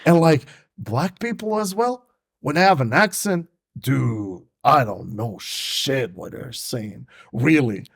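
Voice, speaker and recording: A man's voice: medium pitch, lively intonation, slow, gravelly, husky. A male podcast host in casual chat, laid-back, swearing and laughing often.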